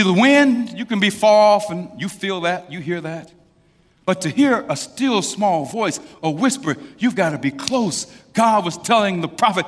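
A man preaches a sermon in a fairly high, bright voice that rings out with force. He swings from hushed, drawn-out phrases to loud, climbing declarations. His voice carries a long reverb, as if he speaks in a large church sanctuary. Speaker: pastor.

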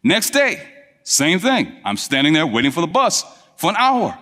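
Male preacher, lively storytelling sermon, mid pitch, long hall echo. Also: moderate pace. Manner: animated, rising to high emphatic peaks. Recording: long reverb of a large hall.

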